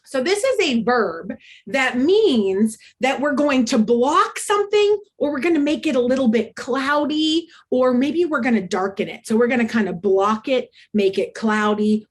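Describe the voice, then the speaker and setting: An American woman hosts an online workshop for teachers on a video call, and it's interactive. Her pitch is fairly high, and her delivery is upbeat and chatty, peppered with ums.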